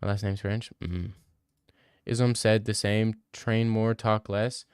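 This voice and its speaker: A man's voice: fairly low pitch, flat delivery, takes it slowly, clear, resonant tone, no room sound, studio quality. A young man, chatting casually on a live stream and answering his chat in a brash, joking way. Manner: brash, joking, swears a lot.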